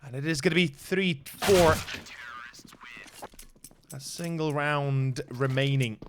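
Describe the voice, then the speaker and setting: A young Slovenian esports caster delivers solo play-by-play in English as a non-native speaker, with a Slovenian accent. He speaks slowly over a noisy background, his pitch and volume climbing sharply during action, and he chats with viewers between plays.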